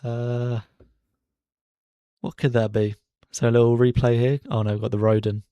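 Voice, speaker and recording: A man streaming casual live race commentary from his bedroom, chatty and excitable as he cheers drivers on. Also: mid-range voice, normal speed, clear, resonant tone, no echo. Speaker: streamer hosting a racing watchalong. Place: bedroom at home.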